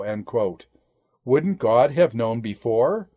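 A man's voice: expressive, takes it slowly, lo-fi sound. A man teaching a Bible study lecture in a methodical way, marking each citation with "quote" and "end quote" and dropping his voice at each close. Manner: drops pitch and volume on each "end quote".

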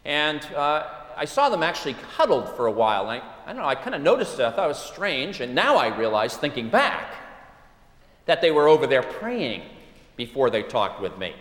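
A middle-aged man preaching an earnest sermon, leaning hard on key words and slowing down to stress them. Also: medium pitch, big pitch swings, fairly bright tone. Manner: earnest, emphatic preaching with deliberate slowed stresses. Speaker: pastor. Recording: echoey hall reverb.

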